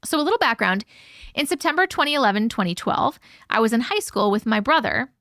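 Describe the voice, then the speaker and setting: A woman's voice: on the high side, sing-song, brisk, a bit bright, no room sound, studio quality. A woman hosting a live stream, reading a viewer's story aloud and breaking in with chatty asides. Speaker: host reading viewer stories.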